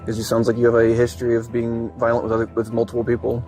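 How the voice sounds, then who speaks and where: A male police officer giving firm, measured commands on bodycam footage. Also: mid-range voice, monotone, dark tone, faint music behind, poor audio.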